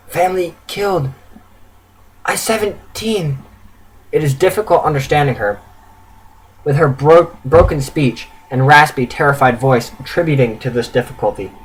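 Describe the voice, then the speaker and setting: A man's voice: mid-range voice, slightly rough, low-quality recording. A man reading his own written story aloud in an earnest way, with stumbles and self-corrections.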